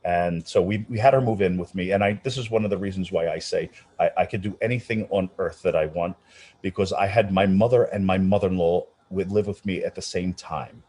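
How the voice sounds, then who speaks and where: Husky middle-aged man telling stories. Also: deep voice, a little fast. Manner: animated storyteller, many restarts, acts out quoted voices. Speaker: opera singer, interview guest. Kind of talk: casual storytelling interview.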